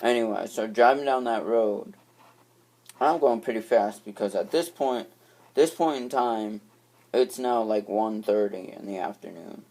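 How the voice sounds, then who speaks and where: Low-voiced young man rambling through a story. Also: unhurried, darkish tone. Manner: rambling, with frequent restarts and swearing. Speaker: vlogger. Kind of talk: casual storytelling.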